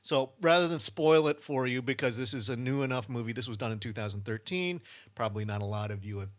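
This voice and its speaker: A man co-hosting a podcast, chatting casually about a film, halting often with restarts and fillers. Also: mid-range voice, fairly bright tone. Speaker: podcast co-host. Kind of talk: casual chat reviewing films.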